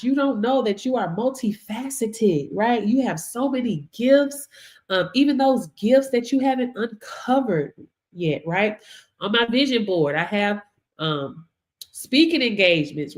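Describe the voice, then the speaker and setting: A woman's voice: on the high side, animated, unhurried. Chatty motivational woman on a live stream. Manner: chatty, repetitive, laughs often, asks "you see what I'm saying?". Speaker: business coach on a live audio stream.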